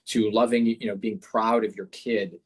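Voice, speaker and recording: A man with a somewhat low voice speaks as a guest in a relaxed conversational interview. He reflects thoughtfully and often repeats words while he works out what he wants to say. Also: moderate pace, breathy edge.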